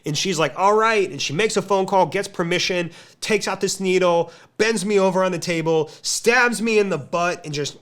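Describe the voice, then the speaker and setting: A man hosting a podcast, telling a lively story to a live client community, with a speaking pace that quickens and slows. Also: high voice. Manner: animated storytelling, pace shifts. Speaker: podcast host.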